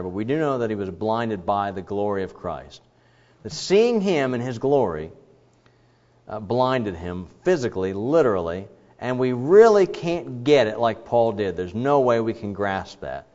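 A man delivers a sermon, speaking emphatically and with a lively, swinging pitch. He explains his points carefully and asks the congregation questions. The recording is slightly dull and lo-fi. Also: moderate pace. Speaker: pastor.

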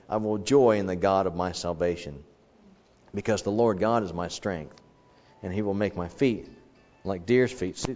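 A male preacher giving a folksy, lively sermon. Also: medium pitch. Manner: lively, folksy, acts out Bible voices. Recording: dull echoey hall recording.

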